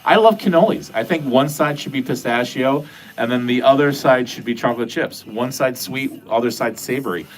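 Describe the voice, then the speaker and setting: A man's voice: mid-range voice, normal speed. Rambling, profane livestream host man. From New England. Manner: rambling, profane, jokey, talks to chat. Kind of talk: casual livestream chat. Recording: faint music behind.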